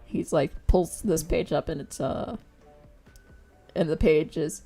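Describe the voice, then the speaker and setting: A woman streamer talks casually while she draws, her voice sitting low. She giggles often and acts out quotes as she retells things. Faint music plays in the background. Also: slow pace, vocal fry, long pauses, mellow. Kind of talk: casual chat while drawing.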